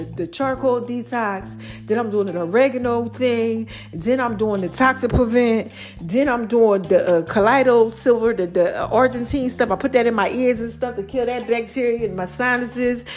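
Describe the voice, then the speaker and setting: A woman hosting a podcast, giving playful, preachy encouragement in casual slang. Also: fairly high pitch. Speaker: podcast host. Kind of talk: casual motivational podcast talk.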